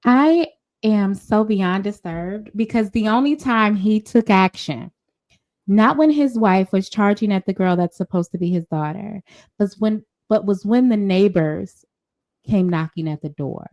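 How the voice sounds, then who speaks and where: A woman's voice: medium pitch, measured pace. A woman co-hosting a casual pop-culture podcast, telling stories emphatically and acting out the quotes. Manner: animated, emphatic storyteller, acts out quotes. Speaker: podcast co-host.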